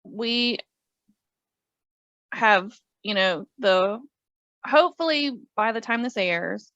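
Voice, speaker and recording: A woman's voice: medium pitch, expressive, takes it slowly, fairly bright tone, no echo, lo-fi sound. A woman co-hosting a casual podcast chat, talking with lots of fillers and laughing often. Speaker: podcast co-host.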